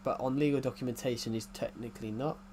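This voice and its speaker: A man's voice: mid-range voice, fairly even intonation, fast talker, warm tone, slight background noise. A man with an English accent rambling in casual chat as a gaming YouTuber, often restarting his sentences. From United Kingdom. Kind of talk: casual chat while playing a game.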